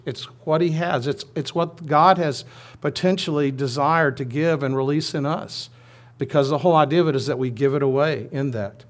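A man preaching a sermon, retelling a story in a conversational way with asides. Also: medium pitch.

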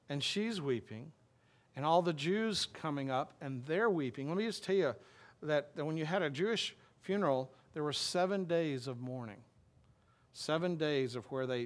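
A male pastor preaching a sermon in a conversational way, reading scripture slowly and explaining it with frequent restarts. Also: fairly high pitch. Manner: reads scripture aloud slowly, then explains it plainly.

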